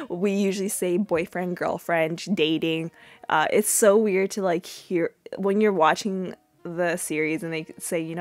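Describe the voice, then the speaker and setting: A young woman hosts a podcast and chats her way through an episode recap in a loose, wandering style. Her voice sits a touch low. The recording is close and dry, with no room sound. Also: steady tone, measured pace, no room sound, faint music behind. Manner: chatty and rambling, full of fillers and asides. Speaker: podcast host.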